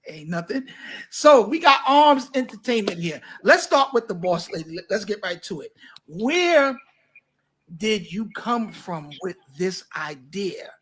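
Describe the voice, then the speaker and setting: Give me a pastor hosting a lively online talk show. He's a man with a high, ringing voice and a sharp, forward tone. He introduces guests with enthusiastic praise and casual slang. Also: a little slow, slight background noise.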